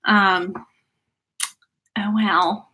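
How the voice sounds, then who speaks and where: A woman's voice: medium pitch, little pitch movement, extremely slow, sharp tone. A woman, chatting casually on a livestream from a small home office, laughing and sighing often. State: out of breath. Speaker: livestream host.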